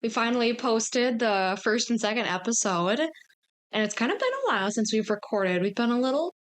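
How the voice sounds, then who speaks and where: A woman's voice: on the high side, big pitch swings, moderate pace. Giggly young woman hosting a podcast. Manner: giggly, chatty, laughs often. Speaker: podcast host. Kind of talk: casual podcast chat.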